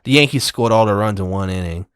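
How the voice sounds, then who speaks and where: A man with a fairly low voice and a quick, animated way of talking, co-hosting a podcast in casual chat. He acts out the quoted exchanges as he tells his stories. The sound is close and dry. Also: no echo. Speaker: podcast co-host.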